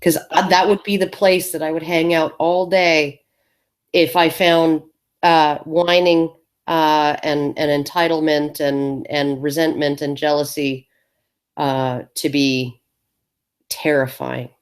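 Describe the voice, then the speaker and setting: A woman's voice: deep voice, little pitch movement, slow. A woman co-hosting a podcast in casual chat, dry and sarcastic, often restarting her words. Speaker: podcast co-host.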